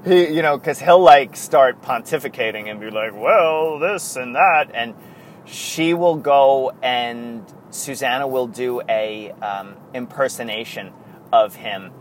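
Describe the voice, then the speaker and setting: A man's voice: medium pitch, unhurried, a little hiss or hum. A man hosting a podcast in casual chat, rambling and going off on tangents. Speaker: podcast host.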